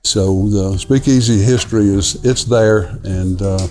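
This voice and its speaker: Easygoing, mellow-voiced man. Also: fairly low pitch, measured pace, soft background music. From Newport, Tennessee. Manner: rambling, easygoing, many fillers and restarts. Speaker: restaurant owner, son of the founder. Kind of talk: casual storytelling interview. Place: inside a dim windowless restaurant.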